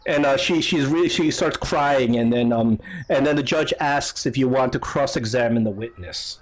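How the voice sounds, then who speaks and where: A man narrating a tabletop role-playing game as game master, in a relaxed way with many fillers. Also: medium pitch, moderate pace, few pauses, a little hiss or hum.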